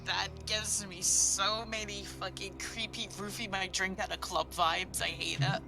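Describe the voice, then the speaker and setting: A woman player at a tabletop game, talking bluntly and animatedly and swearing freely. Her voice is mid-pitched, and clear music plays behind her. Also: fairly even intonation, a little slow. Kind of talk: casual tabletop game chat.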